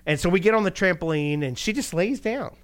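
A male pastor delivering a conversational sermon, animated, asking rhetorical questions and chuckling between points. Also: high voice, fairly quick.

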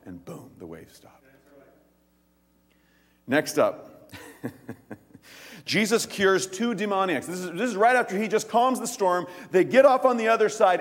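A high-voiced pastor delivers a sermon with a big-room sound. He's an animated storyteller who acts out quoted dialogue in quick voices.

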